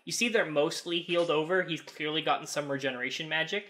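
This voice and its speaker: Male game master, higher voice, halting delivery with many restarts. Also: sharp tone. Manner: halting, stammering narration with repeated restarts. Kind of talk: narrating a tabletop game.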